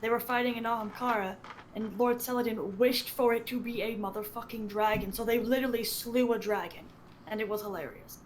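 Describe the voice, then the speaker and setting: A woman guest on a podcast, chatting casually in a playful, apologetic way with quick giggles. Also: a little high, fairly even intonation, slight background noise.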